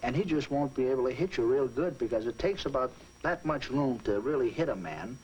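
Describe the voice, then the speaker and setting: A man's voice: medium pitch, lively intonation, fairly quick, a little mellow, lo-fi sound, slight background noise. A man with a Boston accent hosting a 1950s boxing broadcast, talking in an earnest, plain-spoken way. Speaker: host of a boxing telecast. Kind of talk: 1950s TV chat and fight intro.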